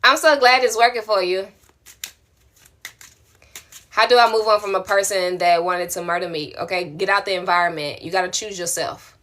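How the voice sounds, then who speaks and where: Woman, spiritual coach, bright voice, warm slangy encouragement on a live stream. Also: medium pitch, normal speed, pauses often. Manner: affectionate, colloquial, encouraging. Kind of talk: live-stream answering viewer questions.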